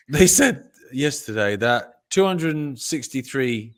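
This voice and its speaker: A man chatting on a podcast in casual banter. He tells stories with jokes, swears freely and breaks into laughter. His voice sits in a middle pitch. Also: lively intonation, slow pace. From Britain. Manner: jokey, swearing, laughs while telling stories. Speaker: co-host.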